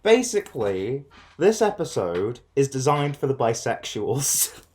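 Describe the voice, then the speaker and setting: A man's voice: mid-range voice, very animated, a little slow, a little mellow. A man co-hosting a review show, chatting casually and joking with frequent laughter. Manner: chatty, jokey, laughs often. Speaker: reaction video co-host. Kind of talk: casual reaction chat.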